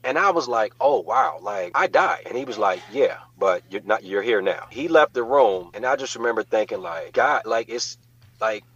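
Husky-voiced man telling his story. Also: on the low side, normal speed, dull audio. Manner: animated, acts out quoted voices. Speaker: guest. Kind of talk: casual storytelling in an interview.

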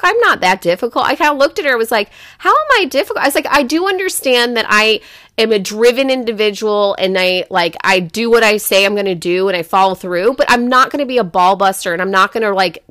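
A mother tells a personal story on a frank, casual podcast, swearing freely and leaning on "like" and "you know." Her mid-range voice is a bit bright, recorded in studio quality with no room sound.

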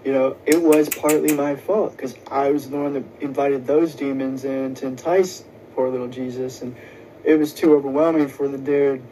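A man's voice: mid-range voice, steady tone, moderate pace, warm tone, a little hiss or hum, low-quality recording. A man telling a profane, rambling first-person comic story in a casual way, full of fillers. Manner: crude, profane, casual, full of "you know".

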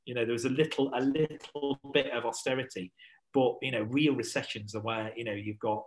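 A man's voice: medium pitch, steady tone, a little fast, faint music behind, poor audio. A man chatting as a podcast guest, rambling with lots of fillers and restarts. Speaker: podcast guest, survival instructor. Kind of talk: casual podcast chat.

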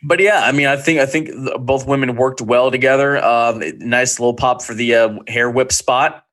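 A man of middle pitch chats on a casual podcast. His talk is loose and halting, full of restarts and easy laughter. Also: steady tone, fairly bright tone. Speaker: podcast co-host. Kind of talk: casual wrestling podcast chat.

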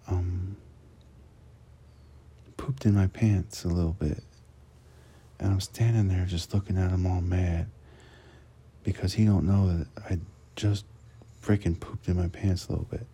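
Deep gravelly man rambling crudely. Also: mellow, slight background noise. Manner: rambling, crude and profane, frequent restarts. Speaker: truck driver. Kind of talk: casual rambling storytelling monologue.

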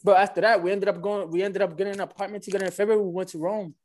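A man, telling a dating story in a loose, animated, slangy way and acting out both sides of each exchange. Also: high-pitched, rapid-fire. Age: 20s. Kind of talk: casual storytelling.

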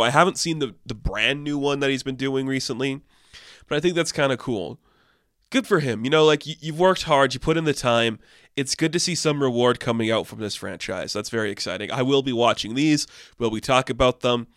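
A young man hosting casual entertainment news commentary, animated and sarcastic, swinging between deadpan asides and excited outbursts. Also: medium pitch, clean tone, dry recording, studio quality.

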